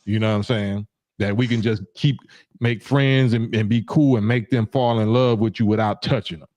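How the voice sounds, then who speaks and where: A man's voice: fairly low pitch, steady tone, normal speed, darkish tone, no echo. Male livestream host, casual rambling talk, dry close sound. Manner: rambling, repeats "you know what I'm saying", acts out quoted voices.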